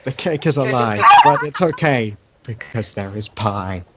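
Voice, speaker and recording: A woman's voice: a bass voice, animated, unhurried, very noisy. A woman player tossing out wry, blunt quips in a casual tabletop game chat.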